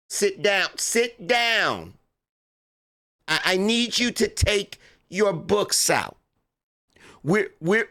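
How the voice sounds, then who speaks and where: A man voicing a frazzled female schoolteacher who scolds her unruly class in a halting, repetitive way. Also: sits high, pushed and bright, voice pushed up, exaggerated voice. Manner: scolding, halting, repeating herself.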